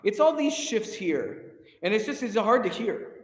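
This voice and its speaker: A man directing a choir rehearsal, energetic and encouraging, counting the singers in and singing lines to them. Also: sits high, measured pace. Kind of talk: rehearsal coaching. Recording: echoey hall, faint noise.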